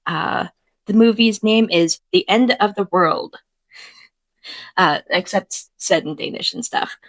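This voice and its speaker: A woman co-hosting a casual commentary podcast, recapping facts in a relaxed way with many ums. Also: medium pitch, slow, no room sound. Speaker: podcast co-host.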